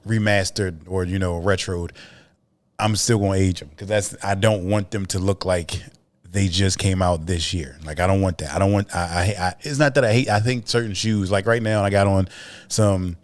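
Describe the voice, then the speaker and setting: A man, co-hosting a podcast in casual chat, telling animated stories with profanity and lots of repeats. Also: low voice, normal speed. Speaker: podcast co-host.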